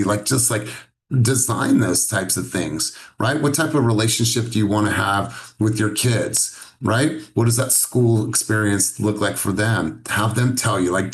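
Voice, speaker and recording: Man, sales coach, low voice, earnest, encouraging, video call. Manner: earnest, encouraging, asks many questions. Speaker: sales coach leading a session. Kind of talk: coaching talk.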